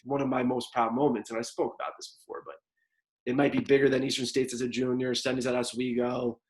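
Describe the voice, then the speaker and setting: A man's voice: medium pitch, level tone, quick pace, rough recording. A man, a wrestling coach telling a long story in a casual podcast chat, rambling with lots of fillers.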